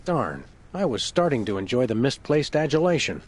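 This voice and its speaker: A man's voice: medium pitch, sing-song, normal speed, breathy edge. A man voicing a wry, dry-witted male dog detective in a video game.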